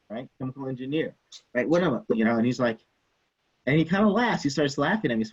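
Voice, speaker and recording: A man teaching chemistry in a casual, animated way, telling a story from his own student days and acting out the people in it. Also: medium pitch, fast talker, breathy edge, dull audio. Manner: animated, acts out quoted people, swears casually. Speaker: chemistry instructor.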